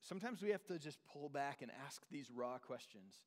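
Earnest preacher with hall reverb. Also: male voice, animated, brisk. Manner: earnest, repeats phrases, drops to soft low tones for emphasis. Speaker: pastor. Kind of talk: sermon. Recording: long reverb of a large hall.

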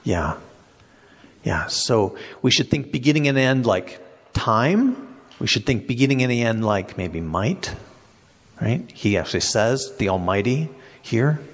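Gravelly husky pastor in a reverberant hall. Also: male voice, medium pitch, expressive, a little slow. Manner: asks questions and repeats listeners' answers back. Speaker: pastor leading a Bible study. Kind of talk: interactive Bible study teaching.

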